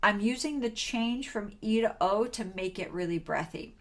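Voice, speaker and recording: A young adult woman teaching a singing lesson in a relaxed, chatty way, with sung demonstrations between explanations. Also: mid-range voice, moderate pace.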